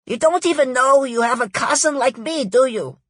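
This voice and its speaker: A woman voicing a raspy, insistent male cousin with a German-turned-Australian accent, pleading loudly on the phone. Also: high voice, normal speed, no room sound, pitched above the performer's own voice. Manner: loud, pleading.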